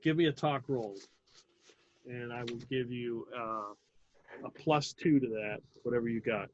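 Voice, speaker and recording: A man's voice: medium pitch, measured pace, darkish tone, muffled recording, a little hiss or hum. A man narrating as game master of a tabletop role-playing game, casual and profane, with plenty of fillers. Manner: casual, swears, lots of fillers.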